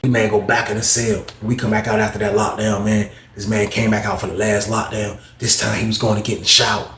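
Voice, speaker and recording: A man's voice: on the low side, flat delivery, brisk, fairly bright tone. A man casually telling a long story, rambling and repeating phrases while addressing listeners as y'all. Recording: roomy echo.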